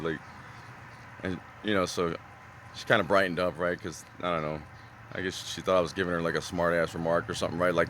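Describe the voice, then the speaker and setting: A man's voice: sits low, a little fast, bright, forceful tone, a little hiss or hum. A man vlogging in a casual, rambling way, full of fillers and "right?" tags, earnest and reflective.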